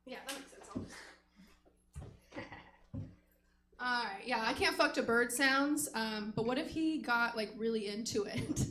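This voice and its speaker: A woman comic with a high, bright voice tells frank, self-mocking stories on a theater stage, giggling between lines. The room is echoey. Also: unhurried, long pauses. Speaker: stand-up comic. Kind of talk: stand-up set.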